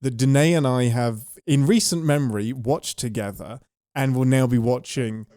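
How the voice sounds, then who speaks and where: An enthusiastic man co-hosts a casual podcast chat. His voice is mellow and relaxed, and it is recorded close and dry. He laughs easily and speaks with ready eagerness. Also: medium pitch, normal speed, no room sound. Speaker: podcast co-host.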